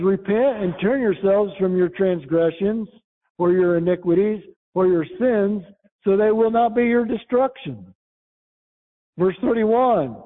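A man with a fairly high voice preaches a sermon, reading scripture and explaining it verse by verse. He slows down and lifts his voice for the quoted verses. The sound is thin and tinny, like it comes down a phone line. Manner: rises in pitch when quoting scripture, slow and emphatic.

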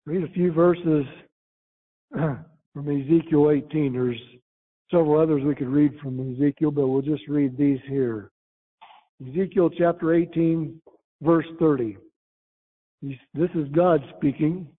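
High-voiced preacher on a tinny line. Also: male voice, fairly even intonation, breathy edge. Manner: rises in pitch when quoting scripture, slow and emphatic. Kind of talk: sermon reading and explaining scripture. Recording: tinny phone-like sound.

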